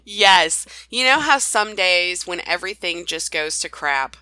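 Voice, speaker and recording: Lively woman producer, dry close sound. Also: fairly low pitch, unhurried, no echo. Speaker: podcast producer. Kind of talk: casual chat.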